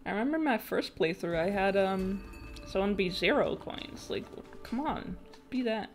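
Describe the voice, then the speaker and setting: A woman's voice: medium pitch, expressive, moderate pace, soft background music. A young woman streaming a video game, chatting casually, swearing and laughing as she reacts to the play. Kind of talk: casual gaming stream chat.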